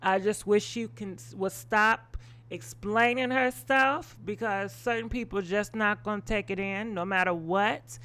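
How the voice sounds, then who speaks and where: A woman with a mid-range, slightly bright voice speaks a little slowly as she hosts a live gossip stream. Her commentary is blunt and opinionated, packed with swearing, frequent ums, and rambling asides.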